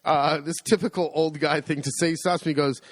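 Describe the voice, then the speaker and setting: A man co-hosts a casual podcast, his pitch sitting a touch above the usual male range. He tells long, meandering stories at an easy pace. His voice is dry and close, with no room around it. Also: steady tone, fairly quick, dry recording. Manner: rambling, chatty storytelling. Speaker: podcast co-host. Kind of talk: casual chat.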